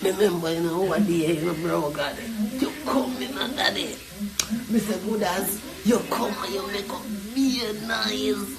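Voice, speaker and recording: A woman's voice: mid-range voice, measured pace, vocal fry, a crowd in the background. A Jamaican woman ranting in patois, mocking and boisterous, chanting and singing her taunts. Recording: echoey room with loud music behind.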